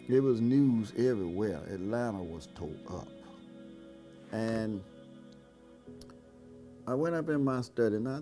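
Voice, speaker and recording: An older man, a pastor, giving a halting personal testimony that rises and falls sharply, with repeated words. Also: lowish voice.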